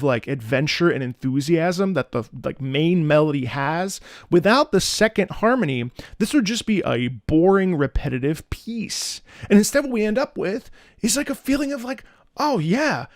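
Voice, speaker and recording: An enthusiastic opera singer talks through game music with a bouncing, expressive voice that rides a bit high for a man. He fills his talk with casual fillers and bursts into scatted melodies. The sound is dry and close, with faint music underneath. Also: dry recording. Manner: enthusiastic, scats melodies aloud, many fillers. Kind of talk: casual music reaction commentary.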